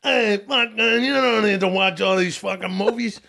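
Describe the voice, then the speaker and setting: Long Island accent, brash, gravelly, high-pitched, shouty, man doing a comedy character. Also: normal speed, exaggerated voice. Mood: brash, rowdy. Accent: Long Island, put on. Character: loud Long Island man, "January 6th guy", brash. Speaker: co-host.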